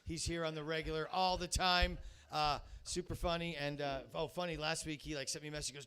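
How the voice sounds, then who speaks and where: A man hosting a comedy night in a bar, rambling and excitable, shouting introductions. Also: on the high side, quick pace, clear, resonant tone. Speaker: host. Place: comedy bar, live audience.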